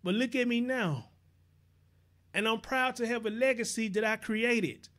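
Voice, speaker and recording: A young man hosting a casual livestream, chatty and earnest, reading viewer comments and giving shout-outs. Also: very high voice, measured pace. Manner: earnest preaching tone on serious topics. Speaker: livestream show host.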